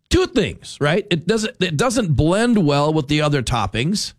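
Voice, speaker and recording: A man hosting a talk radio show, rambling in a casual, animated monologue and often cutting himself off. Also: a little high, normal speed, dry recording, studio quality. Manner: rambling, animated, self-interrupting. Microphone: studio mic.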